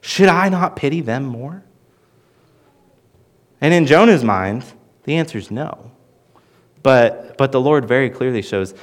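A man teaching through a Bible passage in an earnest sermon, with lively emphasis and frequent restarts. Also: medium pitch, measured pace, long pauses. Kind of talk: expository sermon.

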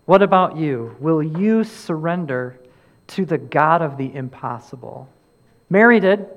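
A man's voice: a little high, lively intonation, a little slow. A man preaching a sermon as pastor, earnest, repeating key phrases and rising and falling for emphasis.

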